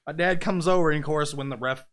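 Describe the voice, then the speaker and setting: An independent wrestler, appearing as a guest on a casual podcast, tells a story in a fairly high, fast voice with a fairly bright tone. He acts out the scenes using quoted voices and sound effects, laughing often as he goes.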